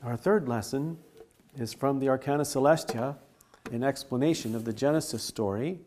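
A man reading scripture lessons aloud at a service in a measured, formal way. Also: medium pitch, darkish tone, slight background noise. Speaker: scripture reader.

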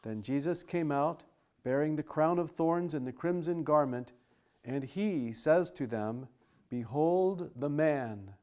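A man reading scripture aloud in a steady, formal style with archaic wording. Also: a little high, a little slow.

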